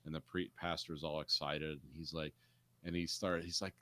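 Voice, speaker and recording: A man with a very deep voice chats about an old war film in a relaxed, offhand way, now and then voicing lines from it. The sound is dry and close. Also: normal speed, no echo. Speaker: podcast co-host. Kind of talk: casual movie recap chat.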